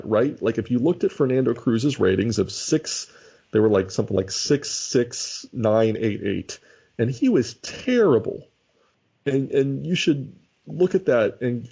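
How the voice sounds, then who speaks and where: This podcast co-host has a husky, warm voice of medium pitch. He's chatting casually about a baseball sim league, often starting sentences over as he thinks out loud, and the audio is dull and lo-fi.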